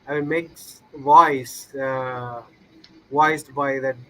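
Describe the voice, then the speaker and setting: Bright-voiced man, non-native English speaker. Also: mid-range voice, fairly even intonation, extremely slow, rough recording. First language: not English. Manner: hesitant, searches for words. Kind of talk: casual chat.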